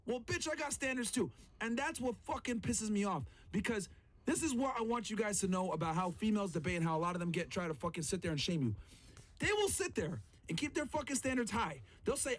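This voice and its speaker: A podcast host reacting to a clip, his voice sitting unusually high for a man. He talks in a heated, profane rant. He keeps hammering the same catchphrases for emphasis. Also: very animated, fairly quick. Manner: emphatic, repeats phrases. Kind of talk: reaction commentary.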